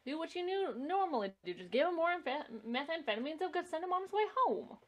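A woman's voice: sits high, sing-song, fast talker, voice pushed up. A woman putting on a drawling Southern dispatcher. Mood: mocking. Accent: put-on American Southern. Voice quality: mocking, exaggerated drawl.

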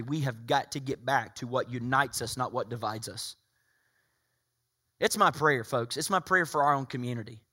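A man from Tennessee, preaching a sermon as pastor. He swings from loud, emphatic preaching to hushed, intimate asides. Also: medium pitch. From Tennessee, USA.

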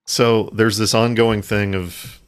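A man's voice: lowish voice, flat delivery, slow, clean tone. A man co-hosting a podcast, casually and animatedly discussing a movie with friends and laughing often. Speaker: podcast co-host.

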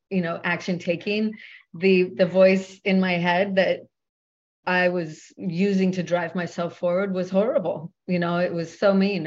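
A woman, a personal trainer and yoga instructor, speaking as a guest in an interview with a smooth, measured delivery like a radio host. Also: on the low side, darkish tone, muffled recording. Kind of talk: podcast interview.

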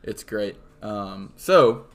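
A man's voice: on the low side, lively intonation, drawn-out words, a bit bright. Man hosting a casual podcast. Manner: upbeat, lots of ums. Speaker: podcast host.

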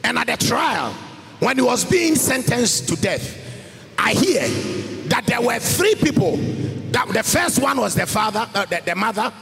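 A man preaching a sermon, in a sing-song voice that swings up to shouts. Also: very high voice, big pitch swings, measured pace, creaky. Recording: hall reverb with faint music.

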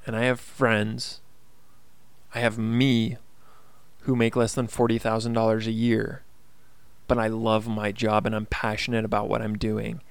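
A man's voice: fairly low pitch, monotone, unhurried, gravelly, pauses often, clear, resonant tone, no echo. A man hosting his own casual podcast, talking in an earnest, upbeat motivational way with plenty of fillers. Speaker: podcast host. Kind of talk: casual solo podcast monologue.

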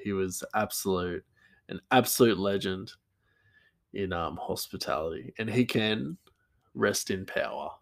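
A man's voice: low voice, measured pace, vocal fry. A man talking casually on his own, rambling and easygoing, with frequent laughter in his talk. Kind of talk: casual monologue.

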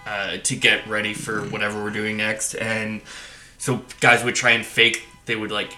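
A man's voice: fairly low pitch, completely flat delivery, normal speed, pushed and bright, reverberant, faint music behind. Swearing man telling rambling stories. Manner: swearing, rambling anecdotes with acted-out quotes. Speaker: podcast co-host. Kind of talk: casual storytelling chat.

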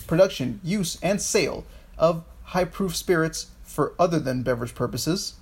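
A man's voice: a little high, expressive, moderate pace, breathy edge. A man co-hosting a podcast, chatting casually about history, rambling with frequent restarts and swearing. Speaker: podcast co-host.

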